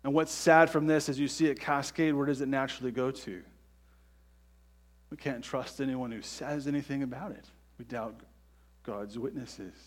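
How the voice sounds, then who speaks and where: A man's voice: medium pitch, steady tone, moderate pace. A man preaching a sermon earnestly, often checking in with the congregation by asking "right?". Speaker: pastor.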